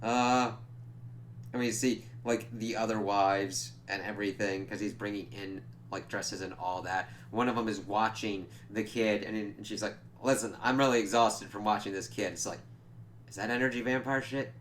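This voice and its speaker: Recapping a TV episode in a loose, profane way, a reviewer leans heavily on "like" as filler. His fairly low voice is bright, with fairly even intonation and a moderate pace, and there's slight hiss or hum.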